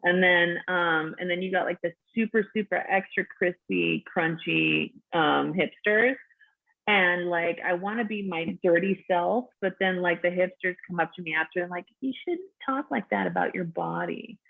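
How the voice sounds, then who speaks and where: Brief: forties woman comic, husky, frank and profane, tinny phone-like video-call sound. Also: fairly low pitch, steady tone. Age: 40s. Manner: frank, profane, quick to laugh. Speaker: stand-up comedian, guest. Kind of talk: casual chat.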